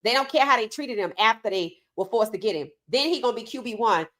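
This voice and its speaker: Woman, sports podcast host, outspoken, casual live-stream talk, fairly high voice. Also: lively intonation, fast, fairly bright tone. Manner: outspoken, reads chat comments aloud.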